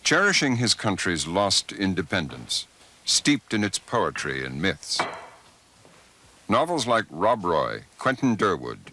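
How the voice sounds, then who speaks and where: Deep, lively documentary narrator. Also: male voice, no echo. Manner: measured, expressive. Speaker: documentary host. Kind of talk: scripted narration.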